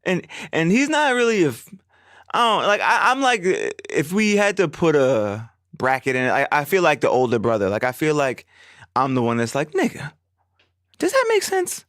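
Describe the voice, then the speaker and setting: Animated, rambling young man hosting a podcast. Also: fairly high pitch, normal speed, no room sound, clean studio sound. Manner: rambling, animated, swears a lot, acts out quoted friends. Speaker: podcast host. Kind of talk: casual solo podcast storytelling.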